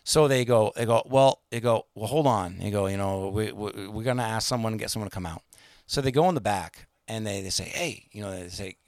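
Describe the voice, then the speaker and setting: A man's voice: lowish voice, fast talker, dry recording, clean studio sound. A man telling a long anecdote in casual chat, rambling with many fillers and restarts and acting out the people he quotes.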